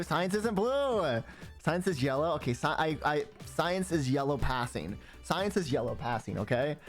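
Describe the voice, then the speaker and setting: A man chatting casually on a livestream, playful and talkative, greeting viewers and humming between repeated words. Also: on the high side.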